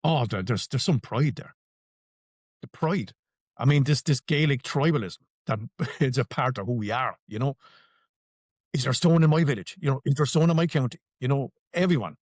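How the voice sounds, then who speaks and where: Irish male podcast guest, emphatic and salty, dry close sound, mid-pitched. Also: lively intonation, moderate pace, darkish tone, no echo. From Ireland. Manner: emphatic, swears freely, repeats phrases for stress. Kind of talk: conversational interview answers.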